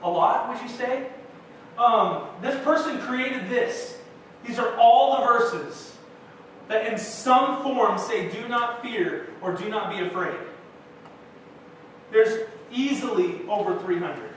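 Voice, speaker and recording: Taking his time, a young man with a very high, slightly bright voice preaches to his congregation, weaving in relaxed, self-deprecating stories. The setting is a church sanctuary, and the echoing hall is recorded from a distance with faint noise.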